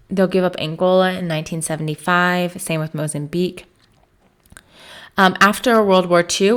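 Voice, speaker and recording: A woman from the United States giving a recorded history lecture as a teacher, talking conversationally with frequent "um" and "right?" fillers. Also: on the low side. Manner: puts on voices for quoted people.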